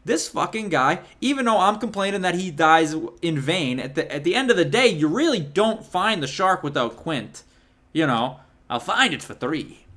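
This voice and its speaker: A man's voice: on the high side, pushed and bright. Heated, profane man ranting about a movie. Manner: heated, profane, rambling with many restarts. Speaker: movie reviewer. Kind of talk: casual ranting movie review.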